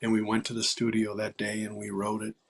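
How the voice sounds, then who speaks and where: A songwriter in his sixties tells stories during a relaxed interview, pausing with fillers and whispering whenever he quotes a line. His voice sits lowish and his delivery stays completely flat.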